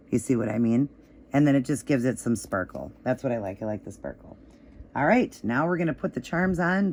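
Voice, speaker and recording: A woman walks through a nail art tutorial in a casual, chatty way, with plenty of fillers. Her voice is a little hoarse and crackly. She talks at an easygoing, relaxed pace. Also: extremely low pitch. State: slightly hoarse, voice still crackly.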